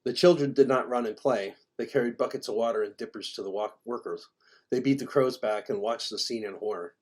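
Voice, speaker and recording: A man's voice: medium pitch, fairly quick, a little mellow. A man reading his own fantasy story aloud in the first person, with small stumbles and restarts.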